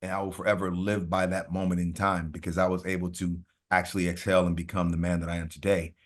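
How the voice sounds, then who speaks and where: Man, lowish voice, casual storytelling, animated, swears a lot, podcast guest. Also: fast. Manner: animated, profane, acts out quoted voices. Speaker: podcast guest, reality TV contestant.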